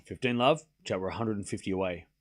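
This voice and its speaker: A man's voice: fairly low pitch, quick pace. A man hosting a live tennis watchalong stream, calling points and thanking viewers in casual chat. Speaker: livestream host.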